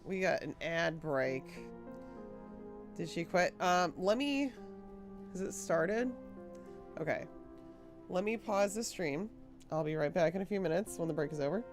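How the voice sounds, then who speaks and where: A woman's voice: on the low side, lively intonation, a little slow, pauses often, over music. A woman from Rhode Island streaming a game, chatting casually and often giggling as she rambles. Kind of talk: casual livestream chat.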